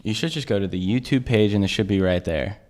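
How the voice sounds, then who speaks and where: A man's voice: fairly low pitch, quick pace, a little mellow. A man hosts a casual interview with a loose, joking manner. He reads viewer questions aloud and stumbles over the odd word, keeping things light. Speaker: host.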